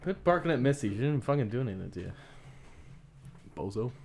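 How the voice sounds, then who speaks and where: A man's voice: mid-range voice, big pitch swings, a little fast, gravelly, a little mellow, a little hiss or hum. A man co-hosting a casual podcast, bluntly disagreeing and teasing his friends. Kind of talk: casual banter.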